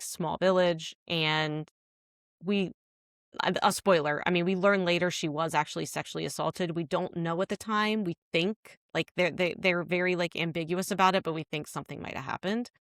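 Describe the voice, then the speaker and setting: A woman's voice: fairly low pitch, steady tone, moderate pace, a bit bright, smooth, dry recording, studio quality. A woman co-hosting a podcast, casually retelling a drama scene with lots of "like" fillers. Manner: rambling retelling full of "like" fillers. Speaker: podcast co-host.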